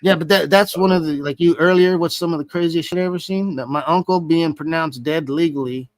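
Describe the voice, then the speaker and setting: High-voiced man telling a wild story. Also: a little fast, dry recording. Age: adult. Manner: profane, swears constantly; animated storyteller acting out dialogue. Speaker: interview guest. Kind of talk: casual storytelling.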